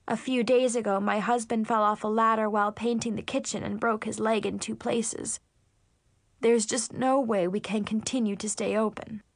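A woman's voice: on the high side, vocal fry, no echo, clean studio sound. A woman voicing an emotional older woman who runs an animal shelter, talking gratefully and tearfully. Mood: worried.

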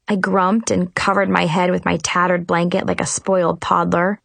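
A woman's voice: on the low side, level tone, normal speed, gravelly, fairly bright tone, no echo. A woman narrating a storybook expressively in first person.

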